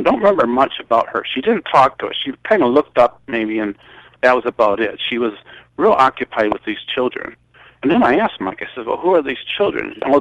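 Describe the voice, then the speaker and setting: An older man from Michigan recounting a personal story in a halting, rambling way, full of restarts. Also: medium pitch, a bit bright, no room sound, muffled recording. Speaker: guest.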